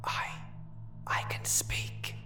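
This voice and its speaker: A man's voice: extremely slow, pushed and bright, soft background music, heavily acted. A man whispering as a dying disfigured woman. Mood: faint. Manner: unvoiced whisper.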